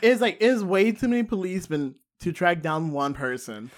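A man joining a casual film chat, his voice sitting a bit high for a man. He jokes wryly, poking fun at the movie. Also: big pitch swings, moderate pace, slight background noise. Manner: wry, joking.

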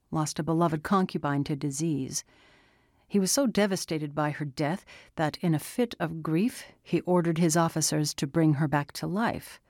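Low-voiced woman narrating a story. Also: no echo. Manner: calm, measured storytelling. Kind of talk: scripted audiobook narration. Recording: dry close studio sound.

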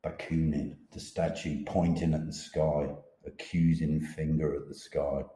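Deep-voiced rambling man, echoey room. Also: level tone, unhurried, mellow. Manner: rambling, swearing, laughing often. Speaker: podcast guest author. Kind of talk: casual chat.

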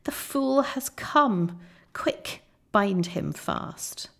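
Woman doing storybook witch queen, imperious, commanding, slow deliberate orders, gravelly edge. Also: mid-range voice, expressive, fairly bright tone, heavily acted.

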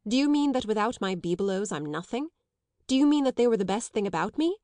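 A woman reading as an eager, anxious young gentleman. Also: fairly high pitch, lively intonation, fast, dry recording, close to an everyday voice. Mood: defiant. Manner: pleading, defiant, slightly raised voice. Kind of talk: audiobook character reading.

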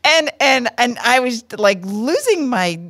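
A woman's voice: a little high, measured pace, slight background noise. A woman co-hosting a podcast, telling a story in casual chat and laughing through it. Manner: animated, laughs through her own story. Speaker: podcast co-host.

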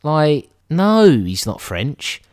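Animated man in casual film chat. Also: fairly high pitch, extremely slow, noisy background. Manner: laughs often, swears casually, rambling asides. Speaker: podcast co-host reviewing films.

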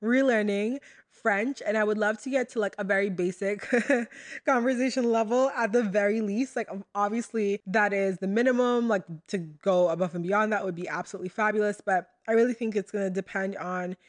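A woman's voice: medium pitch, moderate pace. A young American woman hosting her own podcast, talking casually and chattily to her listeners with lots of fillers and asides. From United States. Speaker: podcast host. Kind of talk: casual solo podcast talk.

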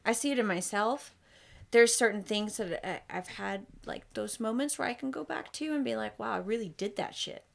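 A woman's voice: on the high side, normal speed, vocal fry. A woman speaking on a casual podcast, blunt and candid, with a loose-mouthed way of talking. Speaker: podcast guest.

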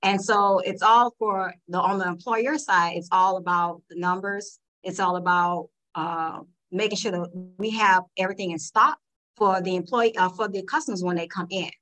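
Woman, panel guest, animated storyteller, mid-range pitch. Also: normal speed, low-quality recording. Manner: animated storytelling, acting out customers' lines. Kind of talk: casual podcast discussion.

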